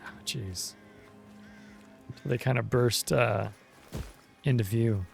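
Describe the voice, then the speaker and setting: A man chatting casually over his gameplay, relaxed and talkative with plenty of offhand asides. His voice is mid-pitched with a noticeably gravelly fry. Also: takes it slowly, faint music behind. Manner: laid-back, chatty, says dude and jeez. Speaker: let's play host.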